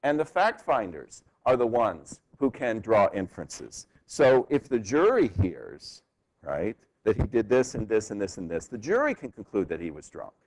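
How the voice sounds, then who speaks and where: A man's voice: lowish voice, normal speed. A man teaching a law class in a university lecture hall. He speaks conversationally and keeps asking the class "right?" as he goes. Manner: conversational, frequent tag "right?", animated rhetorical questions. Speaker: law professor.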